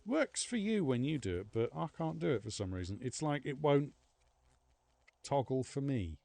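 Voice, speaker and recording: A man's voice: medium pitch, very animated, moderate pace, creaky, warm tone, faint music behind. A man streaming a game live, chatting casually with viewers in a rambling, self-mocking way. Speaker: livestreaming gamer. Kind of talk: casual live gameplay chat.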